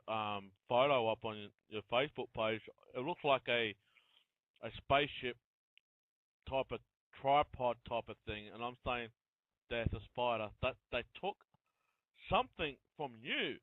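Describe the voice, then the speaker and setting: A man's voice: medium pitch, unhurried, no echo. A man who hosts an interview, chatting in long run-on turns. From Australia. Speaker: interview host. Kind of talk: casual interview talk. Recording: tinny phone-line audio.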